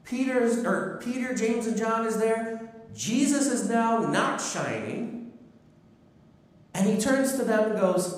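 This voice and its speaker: A man's voice: high voice, measured pace. A man preaching a sermon, telling a personal story, acting out the voices in it and asking the congregation rhetorical questions. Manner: storytelling, lively, acts out quotes, asks rhetorical questions. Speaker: pastor. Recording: echoey hall with long reverb.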